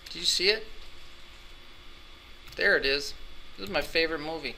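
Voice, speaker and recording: A male anatomy teacher lectures in a classroom with a sharp, bright tone and a slightly high pitch. He teases his students and drifts into joking asides. The recording carries some faint room noise. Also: normal speed. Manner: playful, teasing, rambling asides.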